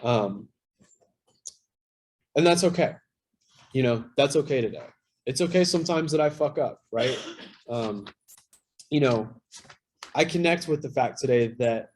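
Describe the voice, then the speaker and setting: Man, thirties, recovery workshop share, casual, profane, self-deprecating, mid-pitched. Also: slow pace, long pauses, slight background noise. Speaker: workshop speaker.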